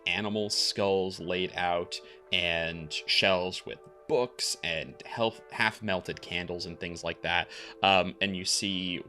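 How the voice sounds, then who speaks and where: A man's voice: low-pitched, pushed and bright. A man narrating as game master, rambling with many fillers.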